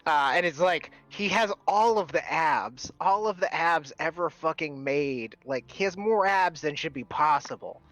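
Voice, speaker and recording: A man's voice: on the high side, unhurried, hardly any pauses, fairly bright tone, soft background music. A man narrating as game master in a tabletop game, casual and rambling, with lots of fillers.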